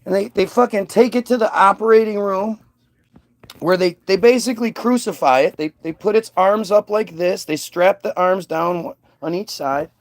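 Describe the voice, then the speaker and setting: A man's voice: high voice, no room sound. Heated, profane man in a dry room. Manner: heated, profane, halting with many restarts. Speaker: vlogger. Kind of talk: unscripted emotional monologue.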